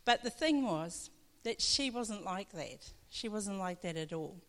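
A woman pastor tells her testimony in a chatty, storytelling way and laughs often. Her voice sits at an ordinary middle pitch. It rings with long reverb from a church hall. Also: animated, unhurried, fairly bright tone.

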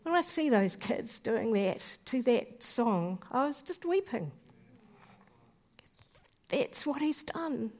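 A woman shares her faith testimony slowly and earnestly. She speaks in short, halting phrases with pauses between them. Her voice sits a little high. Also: big pitch swings, a little mellow.

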